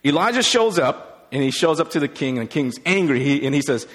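A man's voice: on the high side, very animated, quick pace, few pauses, fairly bright tone. A man preaching a sermon as a pastor, retelling a Bible story in a casual way with many fillers. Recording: long hall reverb.

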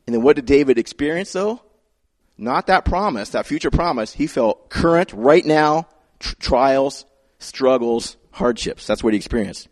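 A man's voice: mid-range voice, animated, moderate pace, no room sound, clean studio sound. A male pastor preaching a sermon in a conversational storytelling way with playful asides.

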